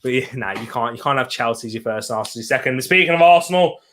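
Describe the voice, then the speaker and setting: A man's voice: medium pitch, animated, racing, fairly bright tone. A young man hosting a live football watch-along from a home setup, chatting upbeat with his viewers and laughing often.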